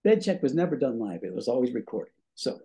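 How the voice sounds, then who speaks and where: A man's voice: mid-range voice, fairly quick. An older man, a former radio DJ, telling stories as a guest, acting out voices and a bit short of breath. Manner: animated, acts out voices in his stories. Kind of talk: storytelling in a podcast interview.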